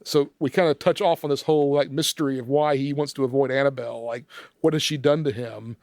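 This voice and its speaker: A man's voice: medium pitch, steady tone, fast talker, vocal fry, a little mellow, dry recording, studio quality. A man recapping a movie scene by scene from his notes in a casual podcast chat, laughing often. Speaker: film discussion podcast member.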